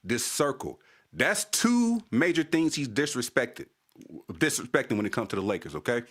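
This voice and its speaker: A man's voice: mid-range voice, sing-song, moderate pace, fairly bright tone. Casting note: a male stream host in a heated, profane casual rant, repeating his points. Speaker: channel host.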